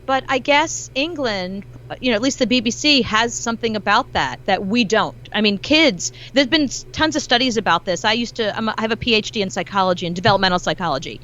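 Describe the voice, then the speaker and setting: A woman's voice: medium pitch, quick pace, muffled recording. A woman as a guest commentator in a casual interview, talking animatedly and acting out quotes as she goes. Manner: animated, acts out quotes in her own telling. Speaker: guest commentator, celebrity journalist.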